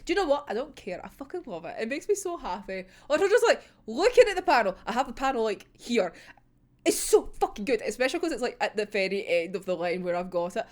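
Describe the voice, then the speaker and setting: A woman's voice: fairly high pitch, sing-song, fast talker. A young woman chatting through a manga chapter in a gushing, giggly, sweary way, as a casual fan reviewer.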